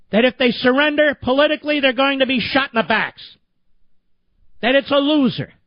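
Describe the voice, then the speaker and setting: A man's voice: very high voice, no room sound, muffled recording. A man hosting a talk radio show, delivering an indignant, emphatic political monologue full of repetition.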